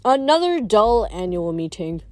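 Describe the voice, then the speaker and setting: A woman's voice: a little slow, dry recording, natural voice. A woman doing a bored, mocking god of wine. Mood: sarcastic. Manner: drawling, mocking, lively pitch swings. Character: bored, sarcastic male wine god, lazy drawl.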